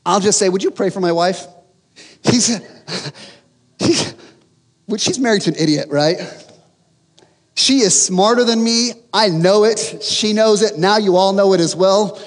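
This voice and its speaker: A man preaching a sermon, telling a humorous story with animated, self-mocking delivery. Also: high voice, unhurried, pauses often, in a large hall. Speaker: pastor.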